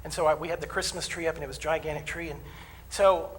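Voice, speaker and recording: A man's voice: a little high, steady tone, quick pace. A man preaching a sermon as the minister, folksy and humorous, telling personal stories and acting out voices. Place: church sanctuary. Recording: distant mic in a reverberant hall.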